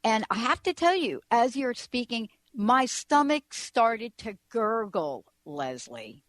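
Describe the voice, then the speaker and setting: A woman's voice: a little high, big pitch swings, slow pace, no echo. A woman hosting a talk radio show, chatting casually and rambling with frequent restarts.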